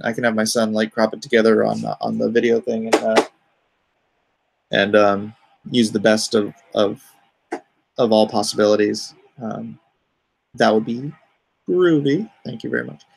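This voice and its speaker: Gravelly middle-aged man chatting on stream. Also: medium pitch. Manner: rambling, reads viewer comments aloud and answers them. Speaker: comic artist hosting a live stream. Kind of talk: casual live-stream chat.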